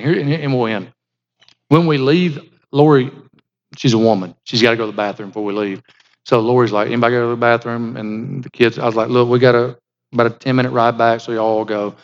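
A middle-aged man, preaching and telling a family story in a folksy way, repeating words and acting out the dialogue. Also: mid-range voice. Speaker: pastor. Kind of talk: sermon storytelling. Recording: muffled sound in a large reverberant hall.

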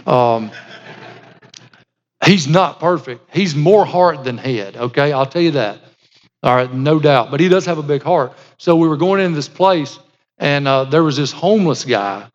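Folksy man preaching in a hall. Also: medium pitch. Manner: folksy, repeats words, acts out family dialogue. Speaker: pastor. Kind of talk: sermon storytelling. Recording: muffled sound in a large reverberant hall.

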